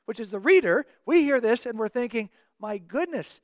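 A man's voice: very high-pitched, animated, fairly quick, no room sound, studio quality. A man teaching a Bible passage verse by verse in an earnest, explanatory way, acting out the quoted dialogue.

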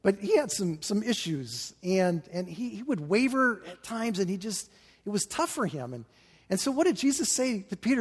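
A man preaching to his congregation with a somewhat high voice, earnest and halting as he circles back over his words. His sermon rings out through a large hall with a long reverb tail. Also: animated, breathy edge. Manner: earnest, halting with repeated restarts and fillers. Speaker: pastor.

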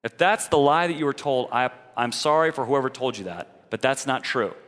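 Guy preaching a sermon, mid pitch, big hall echo, earnest and direct. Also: expressive, normal speed, a bit bright.

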